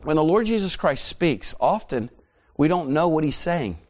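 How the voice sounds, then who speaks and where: Man preaching an animated sermon. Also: fairly high pitch, normal speed. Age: 40s. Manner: animated storytelling, emphatic repetition. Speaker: pastor.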